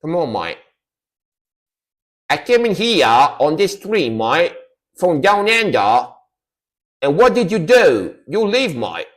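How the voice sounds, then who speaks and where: A man's voice: on the high side, very animated, takes it slowly, long pauses, pitched above the performer's own voice. A man putting on an exaggerated, hammy voice of a boisterous Australian bloke. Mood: mock indignant. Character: boisterous jokey Aussie bloke, male adult.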